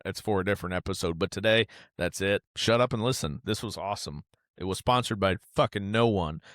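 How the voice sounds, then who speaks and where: A man with a lowish voice talks through a solo podcast, candid and rambling as he drifts between stories. He swears freely and keeps it casual. The sound is dry and close, with no room around it. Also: a bit bright, no echo. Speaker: podcast host.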